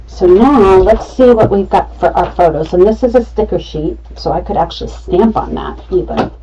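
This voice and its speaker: A woman's voice: medium pitch, moderate pace, mellow, far from the mic, highs cut off, slight background noise. A middle-aged woman running a live craft tutorial, chatty and talking herself through each cut. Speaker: craft demonstrator.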